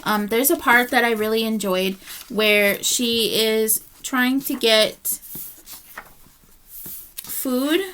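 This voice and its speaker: A woman's voice: on the high side, slow pace, long pauses, a bit bright, slight background noise. A woman reviewing books in a casual vlog, chatty and heartfelt, tired and yawning as she rambles. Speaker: book reviewer.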